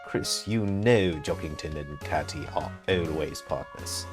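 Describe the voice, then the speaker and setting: A confident cat girl student from a video game, read aloud by a man in a put-on English accent. The voice sits very low. Soft music plays faintly behind. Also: a little slow. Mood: smug.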